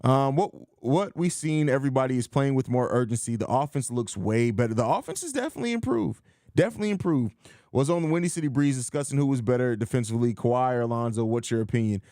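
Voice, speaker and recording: A man hosting a live sports chat in a casual, blunt manner, speaking with emphasis and reacting to viewer comments. His voice sits at a middle pitch for a man. The sound is dry and close, with no room echo. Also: animated, fast talker, warm tone. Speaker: podcast host.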